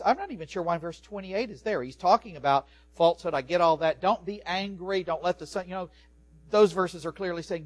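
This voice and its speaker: A man, a pastor, preaching a sermon with animated swings from soft to loud. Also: sits high, fairly quick. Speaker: pastor and professor.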